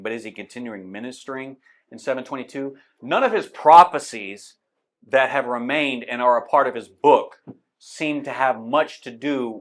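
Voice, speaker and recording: Casual male Bible class teacher, conversational and unscripted, pointing things out on a map. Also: medium pitch. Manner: conversational, explains with a map, many fillers. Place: church classroom.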